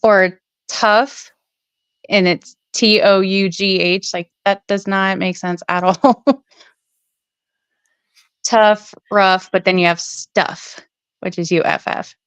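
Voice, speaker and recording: A woman co-hosting a relaxed chat show, her voice at an ordinary middle pitch. She rambles and giggles as she talks. The sound is dry and close. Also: slow, long pauses, smooth, no room sound, highs cut off. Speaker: co-host. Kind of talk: casual chat.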